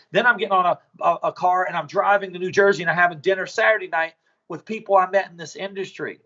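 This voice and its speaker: High-voiced blunt man on dull audio. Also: a bit bright. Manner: blunt, profane, storytelling. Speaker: business owner guest. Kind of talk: casual podcast conversation.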